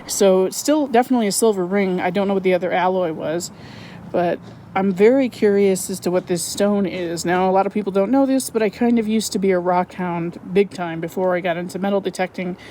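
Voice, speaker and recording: Chatty excitable woman vlogging outdoors. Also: medium pitch, fairly quick, a little hiss or hum, poor audio. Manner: chatty and excitable, self-correcting. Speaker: metal detecting vlogger. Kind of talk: casual outdoor vlog narration. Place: outdoors on a wooded property.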